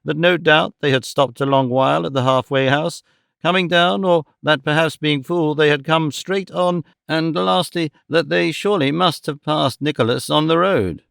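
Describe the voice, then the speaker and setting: A man narrating a classic novel in a measured, expressive reading on a close studio mic. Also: a little high, creaky, clean tone, no room sound. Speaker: audiobook narrator.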